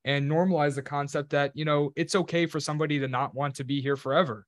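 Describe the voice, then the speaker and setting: A man's voice: a little high, fairly even intonation, quick pace, dry recording. Casual male podcast host, dry sound. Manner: casual, lots of "like" fillers. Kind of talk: conversational interview.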